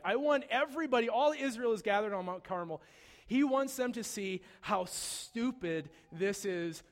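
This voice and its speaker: A man preaching a sermon, retelling a story with humor and shifting from soft, serious moments to loud, excited ones. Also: sits high, long reverb tail. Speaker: pastor.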